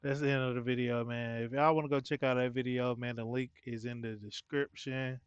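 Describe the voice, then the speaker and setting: A man's voice: mid-range voice, level tone, brisk, smooth, no room sound. A man hosting a reaction video gives a laid-back, casual sign-off and ends his lines with "man.". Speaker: reaction channel host. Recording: dry, slightly dull mic.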